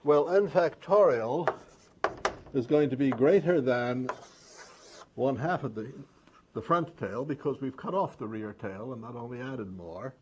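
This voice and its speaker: A man's voice: mid-range voice, expressive, a little slow, muffled recording. A man giving a math lecture, working through steps methodically. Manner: methodical, step-by-step explaining. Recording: noisy classroom recording.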